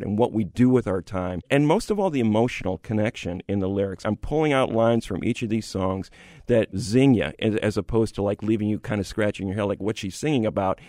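A man co-hosting a radio music review show, explaining his views in a measured, earnest way. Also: on the low side, a little mellow, no room sound, clean studio sound. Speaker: music critic co-host. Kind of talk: studio review chat. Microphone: studio microphone.

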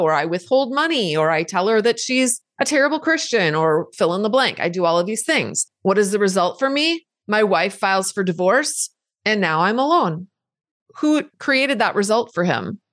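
A woman's voice: medium pitch, fairly bright tone, no room sound, clean studio sound. A middle-aged woman hosting a podcast, answering listener questions in a direct, conversational advice style with emphatic repetition. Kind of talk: live Q&A advice talk.

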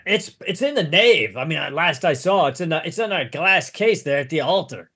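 A man doing a fed-up young monk, raised and sharp. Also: a little high, expressive, moderate pace, husky, pitched above the performer's own voice, heavily acted. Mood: agitated. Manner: agitated, snapping, swearing. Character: young injured male monk, fed up and foul-mouthed.

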